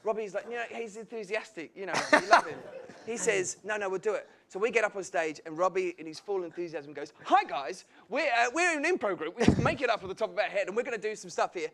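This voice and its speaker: A man's voice: high-pitched, fast. A man, a comedian guest, telling funny stories on a live talk show and laughing through them. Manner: animated storyteller, laughs through his tales. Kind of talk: anecdotal talk show chat.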